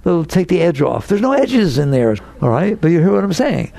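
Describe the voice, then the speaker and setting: Gravelly man asking rhetorical questions. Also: high voice, big pitch swings, a little fast, warm tone, dry recording. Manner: conversational, full of rhetorical questions; teasing, challenging the listener directly. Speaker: spiritual teacher. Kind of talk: spiritual talk to a live audience.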